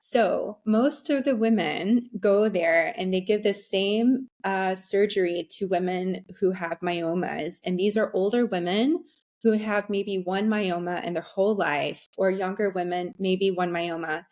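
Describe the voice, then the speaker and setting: A young adult woman speaks as a podcast guest, recounting her own experience in an open, candid way. She talks in a middle pitch, often pausing on ums and restarting sentences as she goes. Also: a little mellow. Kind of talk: conversational storytelling.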